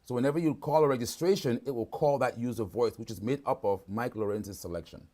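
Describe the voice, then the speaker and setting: A man's voice: mid-range voice, fast, mellow. Guy demoing gear live on a video call, chatty and loose, keeps saying right?. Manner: casual, keeps asking "right?". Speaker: product demonstrator.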